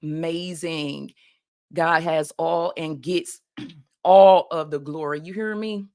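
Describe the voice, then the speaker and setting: A woman hosts a faith-based motivational podcast as a life coach, preaching in a call-and-response style and frequently calling out "y'all." Her voice is lowish and a little mellow, and she speaks slowly.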